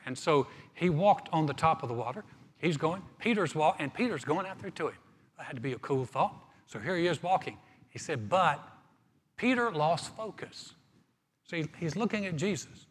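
A man preaching a sermon as pastor, reading scripture and then explaining it in a relaxed, conversational way with touches of humor. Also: fairly high pitch, breathy edge, big-room sound.

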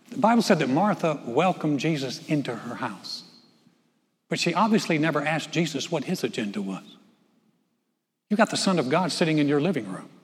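A man's voice: on the high side, a bit bright, big-room sound. A man preaching a sermon as pastor, conversational and folksy, with joking asides. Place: church sanctuary.

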